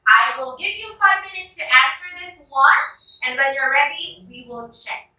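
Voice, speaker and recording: A woman's voice: sits high, expressive, normal speed, pushed and bright. A woman with a Filipino English accent teaching a class, calling on students by name and checking that they understand. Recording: very echoey classroom from far off.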